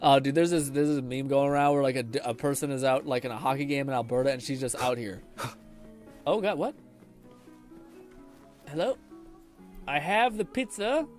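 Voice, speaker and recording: A man's voice: mid-range voice, normal speed, long pauses, a little mellow, soft background music. A man streaming a video game, chatting casually, swearing often and laughing a lot. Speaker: gaming streamer. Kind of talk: casual live-stream commentary.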